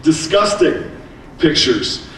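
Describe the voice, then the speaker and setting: American man, fairly high voice, lively storytelling, distant mic, booming hall echo. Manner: animated storytelling with quick asides. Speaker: keynote speaker, teacher. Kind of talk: conference keynote. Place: large hall. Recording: echoey hall, distant mic, faint noise.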